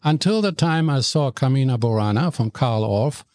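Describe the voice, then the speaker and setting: An older man from Germany with a German accent, telling stories about his past as an interview guest in an animated, joking way. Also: medium pitch, normal speed, no echo. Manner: animated storyteller, jokey, self-deprecating. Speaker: guest, radio regular. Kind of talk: interview storytelling.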